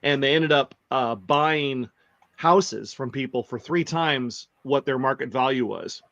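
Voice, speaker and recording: A man's voice: mid-range voice, measured pace, a bit bright, dry recording, muffled recording. A man from the American Midwest, co-hosting a stream from his home office and telling jokey stories in a chatty way. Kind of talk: casual chat on a live stream.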